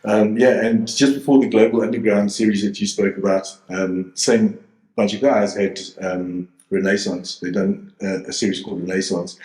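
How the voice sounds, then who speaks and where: Man, forties, very deep voice, rambling casual guest, video call, echoey room. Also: darkish tone. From South Africa. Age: 40s. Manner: rambling, many fillers and restarts. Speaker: DJ and producer guest. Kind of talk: casual interview chat. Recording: roomy echo.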